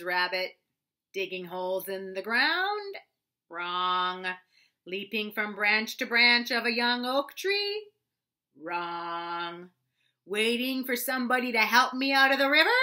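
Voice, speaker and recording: A woman puts on a glum old donkey from a storybook, drawing each word out slowly and dryly. His sardonic tone stays bright and clear. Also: medium pitch. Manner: slow, dry, sardonic drawl. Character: gloomy, dignified old male donkey.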